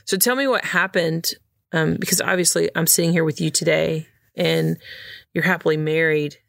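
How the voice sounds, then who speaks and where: Low, gravelly woman podcast host. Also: fairly even intonation, normal speed, a bit bright, dry recording, clean studio sound. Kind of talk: interview conversation.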